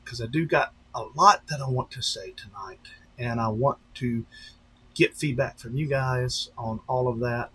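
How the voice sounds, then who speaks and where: A man's voice: mid-range voice, normal speed, few pauses, bright, forceful tone, slight background noise. A man, a pastor, chatting casually on a live stream, rambling and talking straight to his viewers. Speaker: pastor and drone-racing streamer.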